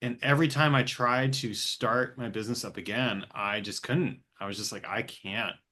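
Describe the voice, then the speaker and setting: A man's voice: medium pitch, fairly even intonation, normal speed, bright, forceful tone. A man hosting an interview podcast, talking candidly and reflectively about his own experiences, with casual swearing. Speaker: podcast host. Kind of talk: conversational interview.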